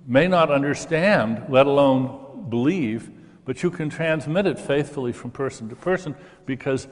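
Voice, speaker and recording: A man's voice: a little high, in a large hall. Enthusiastic older man, stammering starts. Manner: enthusiastic explainer, stammers on starts, lively when demonstrating. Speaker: interviewee. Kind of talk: conversational interview.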